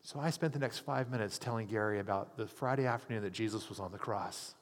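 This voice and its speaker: A man's voice: fairly low pitch, quick pace. A hospital chaplain telling a story in a sermon, earnestly acting out the people he quotes. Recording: long hall reverb.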